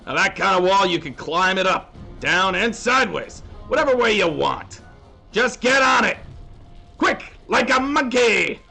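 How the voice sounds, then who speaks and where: A man voicing a gruff male military drill coach who barks orders at recruits. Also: sits high, animated, unhurried, sharp tone, soft background music, pitched above the performer's own voice, full character voice. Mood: barking.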